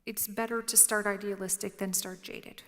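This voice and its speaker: A woman's voice: mid-range voice, flat delivery, moderate pace, fairly bright tone. A woman telling humorous, self-mocking stories to an audience on stage, dropping to a whisper for quoted lines. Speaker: featured speaker. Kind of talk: storytelling on stage. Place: lecture hall with audience. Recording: roomy hall reverb.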